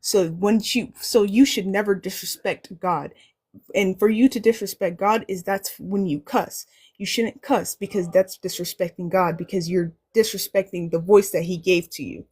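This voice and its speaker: A woman's voice: medium pitch, fairly even intonation, moderate pace, a little mellow, husky. A woman speaking as a guest on a live-stream panel, talking earnestly in a preachy way and repeating phrases for emphasis.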